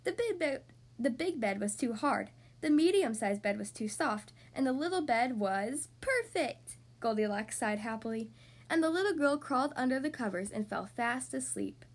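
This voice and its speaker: Lively high-voiced woman reading a storybook. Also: moderate pace. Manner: expressive, animated. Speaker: podcast host reading to children.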